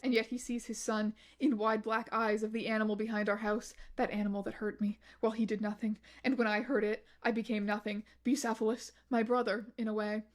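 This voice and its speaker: A woman with a fairly high voice reads blog posts aloud during a stream. She keeps her delivery steady and matter-of-fact, even when the text turns strange.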